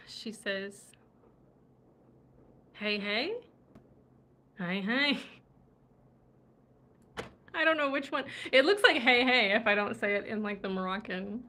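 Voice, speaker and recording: A woman's voice: mid-range voice, sharp tone, a little hiss or hum. A woman from the USA hosting a livestream, chatting casually and laughing often as she reads viewer comments, tired from travel. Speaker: livestream host. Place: indoors in Morocco.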